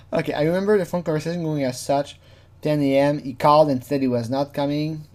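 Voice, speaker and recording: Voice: medium pitch, fairly quick, a little mellow. A casual true crime commentator who talks freely, laughs often, swears, and mimics the people being quoted.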